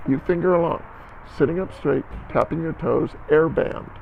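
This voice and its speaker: A man's voice: on the high side, normal speed, vocal fry, narrow, tinny audio, slight background noise. A man teaching a band lesson on video, counting aloud and coaching students, often checking in with "okay?". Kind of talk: instructional music lesson video.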